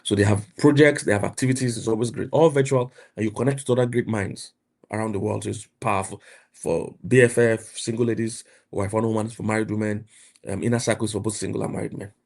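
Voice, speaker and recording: A middle-aged Nigerian man with a Nigerian accent, preaching and mentoring emphatically, repeating himself and rising to loud outbursts. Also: lowish voice, fairly even intonation, quick pace, vocal fry. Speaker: pastor and mentor. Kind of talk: motivational preaching.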